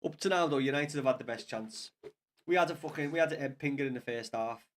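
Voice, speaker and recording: A man's voice: mid-range voice, fast talker. A man with a Scouse accent giving sweary, frustrated live commentary to viewers as he watches a football match from a small home studio. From Liverpool, England.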